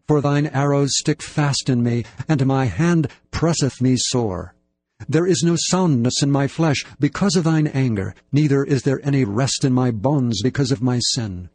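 Male scripture reader: steady, solemn delivery, mid pitch, dry close sound. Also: no room sound. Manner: measured, solemn reading of archaic text. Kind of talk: scripted Bible reading.

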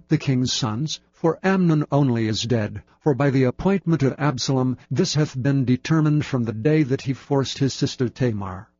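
Male scripture reader: steady, solemn delivery, mid pitch, dry close sound. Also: no echo, lo-fi sound. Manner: measured, solemn reading of archaic text. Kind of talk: scripted Bible reading.

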